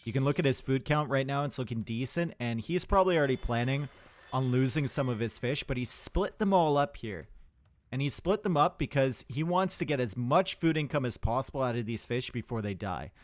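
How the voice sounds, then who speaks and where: A man's voice: mid-range voice, animated, brisk, dry recording. A young man casting a live strategy game match, chatty and rambling, with asides to his chat. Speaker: esports caster.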